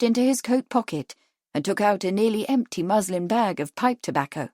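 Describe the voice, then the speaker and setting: A woman narrating a mystery audiobook in a calm, measured reading. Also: medium pitch, no echo, studio quality. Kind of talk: scripted narration.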